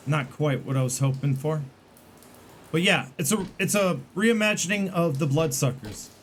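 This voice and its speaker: A man's voice: a little high, animated, moderate pace, a little hiss or hum. A man giving casual, rambling game commentary to his stream chat, full of fillers and restarts.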